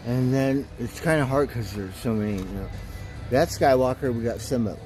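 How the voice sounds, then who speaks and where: A man's voice: medium pitch, moderate pace, warm tone, soft background music. A man hosting a livestream, chatting casually and rambling, swearing now and then and cooing at his cats. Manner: laughs easily, swears casually. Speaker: livestream host.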